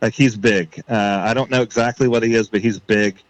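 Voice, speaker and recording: A man on a podcast, telling a story in a casual way and acting out his own thoughts with rising excitement. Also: medium pitch, brisk, dry recording, poor audio. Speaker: podcast guest.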